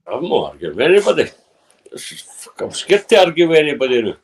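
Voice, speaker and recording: A man's voice: a little high, wildly swooping pitch, fast, creaky, slightly rough. A young man chatting casually on a live stream call, rambling and swearing often. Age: young adult. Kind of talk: casual chat.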